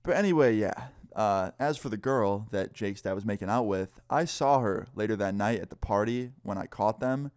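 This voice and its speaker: A young man casually telling a story time, animated and swearing, acting out what people said. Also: on the low side, moderate pace, hardly any pauses, clean tone, dry recording, clean studio sound. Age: young adult. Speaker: storyteller vlogger.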